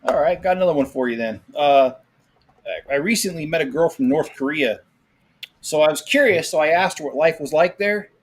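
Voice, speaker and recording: A man's voice: fairly high pitch, lively intonation, a little fast. A man on a casual stream who tells jokes and stories with frequent fillers. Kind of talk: casual chat, telling jokes.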